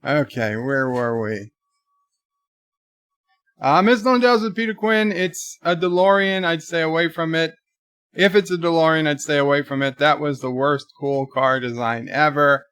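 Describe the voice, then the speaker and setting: A man's voice: on the high side, unhurried, fairly bright tone, smooth, dry recording. A man hosting a livestream in casual chat, reading out donations and viewer comments with wry, rambling remarks. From United States.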